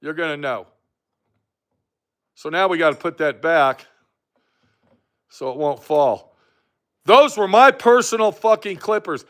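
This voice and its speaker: This livestream host, an older man, has a high, fairly bright voice and speaks unhurriedly with frequent pauses. Ranting from his workshop with plenty of profanity, he takes on viewers' comments combatively.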